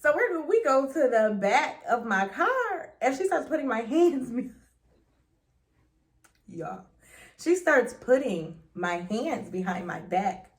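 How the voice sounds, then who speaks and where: A woman's voice: fairly high pitch, big pitch swings, slow pace. Chatty young woman telling a story. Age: young adult. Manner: chatty, dramatic, slangy, swings between loud and hushed. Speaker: vlogger. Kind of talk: storytime vlog.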